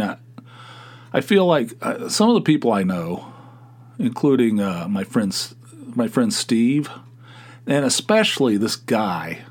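Middle-aged Appalachian man hosting his own show; loose, halting talk full of restarts. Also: medium pitch. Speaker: podcast host. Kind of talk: casual solo podcast monologue.

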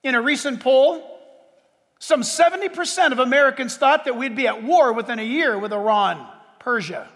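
A man preaching a sermon as pastor, emphatic, with dramatic pauses and sudden bursts of force. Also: very high voice, expressive, a bit bright, long reverb tail.

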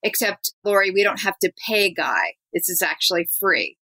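Bright-voiced woman hosting a talk show. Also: medium pitch, big pitch swings, normal speed, low-quality recording. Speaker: podcast host.

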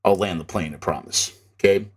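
A man teaching real estate investing in an emphatic, insistent way, often tagging his points with a quick "okay?". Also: low voice, slightly rough. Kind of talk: instructional talk to an audience.

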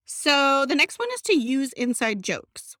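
Chatty, animated woman podcast host. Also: high-pitched, unhurried, no echo, studio quality. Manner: chatty, friendly, animated, acts out quotes. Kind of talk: casual solo podcast talk.

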